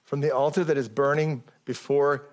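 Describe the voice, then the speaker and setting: A man preaching a sermon in a conversational way, often stopping and restarting his sentences and rising in pitch as he stresses a point. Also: fairly even intonation, normal speed. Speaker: pastor.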